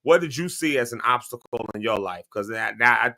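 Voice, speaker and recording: A man hosting a morning talk show, talking straight to his viewers in an animated way. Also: medium pitch, brisk. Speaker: host.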